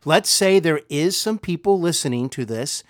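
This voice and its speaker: A man's voice: a little high, expressive, normal speed, dry recording, studio quality. A man hosting an interview, asking easygoing questions with some "uh" and "um" hesitations. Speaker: podcast host.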